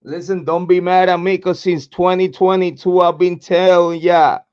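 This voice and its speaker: A hoarse man hosting a true crime livestream, cursing freely and hyping his chat with repeated chants, speaking into a desk mic. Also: high-pitched, little pitch movement, normal speed, few pauses, highs cut off. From Puerto Rico. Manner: profane, repetitive hype chants. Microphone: desk microphone, camera off.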